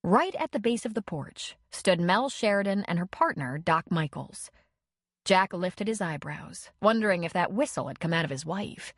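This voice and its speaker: A woman reading an audiobook in measured, expressive narration. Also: on the low side, dry recording, clean studio sound. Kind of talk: scripted narration.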